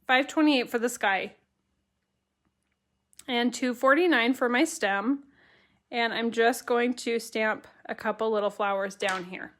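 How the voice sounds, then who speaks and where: Craft instructor, woman, high voice, unhurried, keeps giggling while she chats with her viewers. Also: a bit bright. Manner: giggly, laughing through her words; bubbly and chatty, reading out viewer comments. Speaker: watercolor stamping instructor. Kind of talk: live-stream craft tutorial, chatting with viewers.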